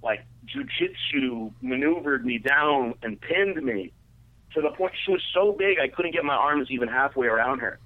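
A man's voice: medium pitch, lively intonation, moderate pace. A man telling a long, crude personal story in a loose, rambling way, full of "like" and restarts. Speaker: guest telling a story on a radio show. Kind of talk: casual storytelling. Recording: phone-like radio audio.

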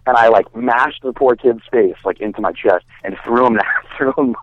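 A man's voice: mid-range voice, a little slow, dry recording. A man, a bodybuilder guest, telling a story in a casual, rambling way, full of fillers and swearing. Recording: dry, tinny phone-like sound.

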